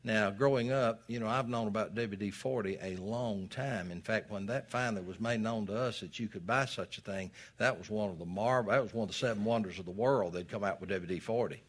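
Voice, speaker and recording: A man's voice: on the low side, brisk, hardly any pauses. An older man preaching a sermon as a pastor, folksy and storytelling, with dramatic rises in his reading.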